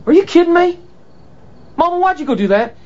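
An actor playing a frustrated grown son who delivers pizzas, speaking in an exasperated, whiny way, heard in a film clip. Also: male voice, very high voice, big pitch swings, a little fast, muffled recording.

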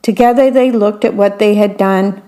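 A woman's voice: mid-range voice, fairly even intonation, moderate pace, dark tone. A woman reading a picture book aloud, stopping to comment on what each picture shows. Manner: adds chatty commentary on the pictures. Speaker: story reader.

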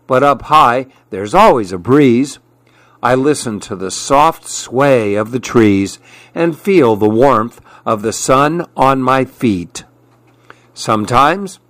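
Brief: male storyteller for a children's book, unhurried and very lively in pitch, dry close sound. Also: dry recording. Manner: slow, expressive read-aloud.

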